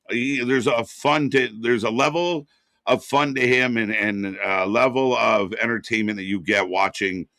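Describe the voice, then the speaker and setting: Casual reactions and rambling, filler-laden chatter come from this man as he co-hosts a live wrestling watch party, with loud, excited outbursts now and then. His voice sits in the mid range, and the studio recording is clean and echo-free.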